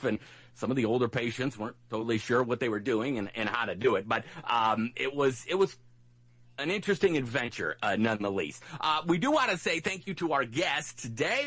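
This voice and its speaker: A man's voice: medium pitch, fairly bright tone, no echo. Rambling male radio host, dry studio sound. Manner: rambling, lots of restarts and fillers; acts out his grandma's voice in anecdotes. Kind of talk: casual radio talk.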